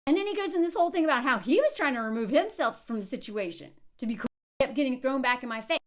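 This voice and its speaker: A woman in her thirties talks through a reality show in a loose, chatty way. Her voice sits high and swoops a great deal. She slips into mocking impressions whenever she quotes someone. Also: quick pace. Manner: animated, quoting others in mocking voices. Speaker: commentator reviewing a reality show. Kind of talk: casual commentary.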